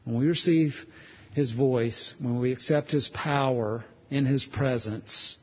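A man's voice: medium pitch, slow pace, breathy edge, big-room sound, lo-fi sound. A man preaching a sermon in a conversational, storytelling way, restarting phrases as he goes.

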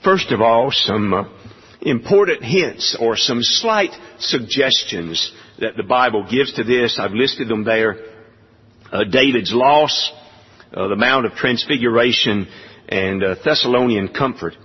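A man preaching a sermon, speaking in a measured way with many pauses. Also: mid-range voice, animated, breathy edge, big-room sound, highs cut off. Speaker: pastor.

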